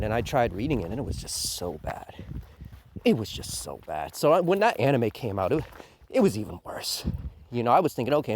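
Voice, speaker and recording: A man's voice: medium pitch, a little hiss or hum. A man giving a crude, mocking countdown rant as an anime reviewer, swearing often and sneering at fans. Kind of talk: ranting countdown commentary.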